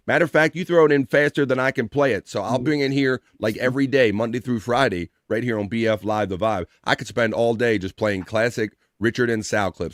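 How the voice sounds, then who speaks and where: A man hosts a casual live stream and talks in a boisterous, profane way as he hypes up each segment. His voice is mid-pitched, and the sound is dry with no room echo. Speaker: livestream show host.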